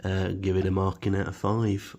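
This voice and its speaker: A man's voice: sits low, completely flat delivery, normal speed, a little mellow. A man casually reviewing supermarket food in his home kitchen, rambling with many fillers and wry asides.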